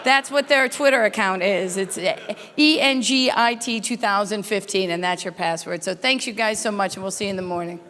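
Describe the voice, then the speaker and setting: A woman's voice: medium pitch, a bit bright, a little hiss or hum. A woman doing brash stand-up comedy with crowd work, hosting a corporate welcome night at a hotel conference. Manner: brash, teasing, rapid storytelling. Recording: echoey hall.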